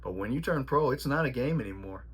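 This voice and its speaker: A man's voice: mid-range voice, lively intonation, fast talker, breathy edge. A man coaching boxing, telling stories in a rambling, casual way with lots of fillers and the odd swear word. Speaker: boxing trainer. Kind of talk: casual instructional storytelling.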